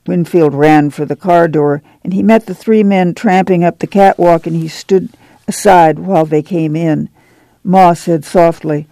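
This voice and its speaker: A man narrating an audiobook in a measured, even storytelling manner. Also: on the high side, vocal fry, no room sound.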